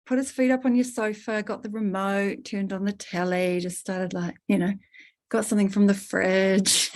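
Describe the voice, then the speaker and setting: A woman leading a spiritual workshop, coaching a participant in an earthy, animated way, laughing and swearing casually. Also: mid-range voice, unhurried. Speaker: workshop leader.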